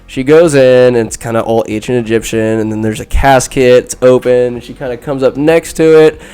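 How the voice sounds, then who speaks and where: A man hosting a podcast, recapping a film in a rambling, casual way with crude asides and quick quoted voices. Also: mid-range voice, fairly even intonation, dark tone, clean tone, faint music behind. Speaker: podcast host. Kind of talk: comedic movie recap.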